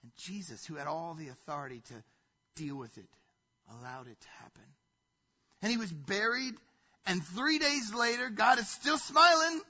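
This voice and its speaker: A male pastor preaching a sermon, telling the story in an animated way that swings between loud and hushed. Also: high voice, slightly rough, lo-fi sound.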